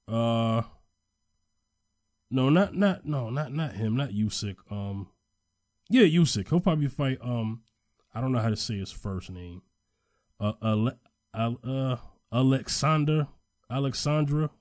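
A man co-hosting a casual chat, animated when excited and trailing off quietly while he checks facts. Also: medium pitch, measured pace, long pauses, no echo, clean studio sound.

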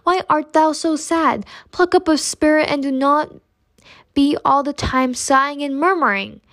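A woman reading aloud and voicing a curious, lively little girl with an eager, questioning manner. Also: high-pitched, unhurried, voice pushed up. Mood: playful.

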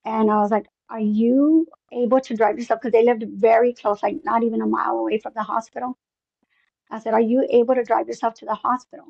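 A woman's voice: on the high side, level tone, fairly quick, creaky, a little mellow, breathy edge, no echo, muffled recording. A woman telling a long personal story in an interview, rambling with many fillers and acting out bits of dialogue. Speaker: interview guest.

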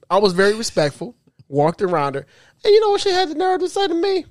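A man's voice: very high voice, fast talker, no room sound, studio quality. A man co-hosting a podcast, telling a story in casual chat and laughing often as he goes. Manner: animated storyteller, laughs often, stumbles and restarts. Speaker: podcast co-host.

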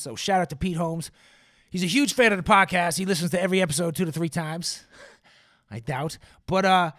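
A man's voice: a little high, a bit bright, no room sound, studio quality. A man in his forties hosting a solo podcast, ranting in a profane, sarcastic, wry way. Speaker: podcast host.

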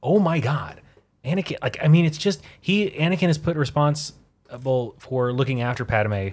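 A man co-hosting a podcast, rambling through a plot recap in casual chat and laughing easily. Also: medium pitch. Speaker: podcast co-host.

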